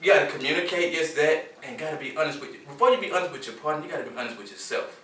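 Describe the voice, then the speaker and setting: Brief: male podcast co-host from Houston, fast animated storyteller, recorded off-mic in a roomy space. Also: fairly high pitch. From Houston, Texas. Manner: animated storyteller acting out quoted dialogue. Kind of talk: casual group chat. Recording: echoey room, mic at a distance.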